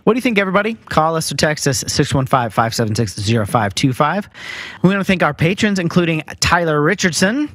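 Podcast co-host, male, lively slightly high voice, dry close mic, casual chat. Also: a little fast, no room sound. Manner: animated, chatty, lots of fillers. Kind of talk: casual movie-review chat.

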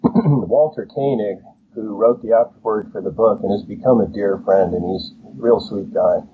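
A man's voice: fairly low pitch, normal speed. A man, an author being interviewed, telling stories with enthusiasm and acting out quoted lines. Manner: enthusiastic storyteller, acts out quotes. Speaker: author and guest. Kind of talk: casual interview chat. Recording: tinny phone-like line, faint noise.

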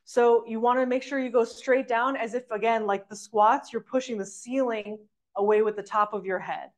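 A woman's voice: fairly high pitch, fairly even intonation, normal speed. A woman teaching an online exercise class, giving encouraging step-by-step instructions as she demonstrates, a little out of breath. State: slightly out of breath. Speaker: fitness instructor.

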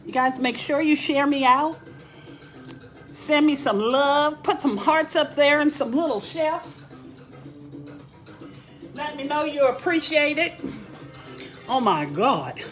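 Woman home cook, chatty and encouraging, voice on the higher side. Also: expressive, slow, long pauses, roomy sound, soft background music. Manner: chatty, exclamatory, coaxing the viewers. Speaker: home cook hosting a cooking stream. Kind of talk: casual live cooking demonstration.

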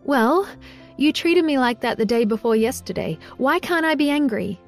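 A woman's voice: sits high, animated, moderate pace, soft background music, voice pushed up. A woman voicing a flustered, stubborn young woman who pleads in a breathless, tearful way. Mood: defensive. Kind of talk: audiobook dialogue.

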